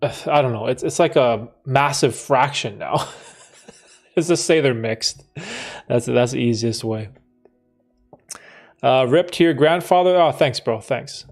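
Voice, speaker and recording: A man in his thirties hosting a live stream, reading out chat comments and answering them in a relaxed, chatty way, laughing often and restarting his sentences. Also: medium pitch, unhurried, vocal fry, long pauses, faint music behind. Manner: laid-back, laughs often, trails off and restarts. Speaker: livestream host answering chat.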